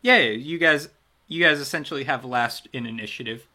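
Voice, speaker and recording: A man's voice: mid-range voice, moderate pace, bright, forceful tone. A man running a tabletop game as game master, narrating the action in a loose, chatty way that often trails off and restarts.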